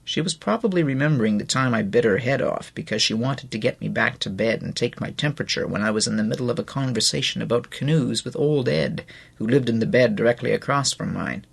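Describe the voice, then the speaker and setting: A man narrating a novel as an audiobook in an expressive, measured storytelling manner. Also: mid-range voice, gravelly, breathy edge.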